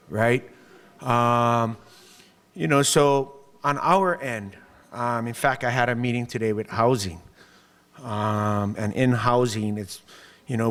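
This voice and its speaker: A man giving a public speech to a business group as mayor, telling stories in an animated way and acting out other people's lines. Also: mid-range voice. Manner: animated storytelling, acts out quoted voices with laughs. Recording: long hall reverb.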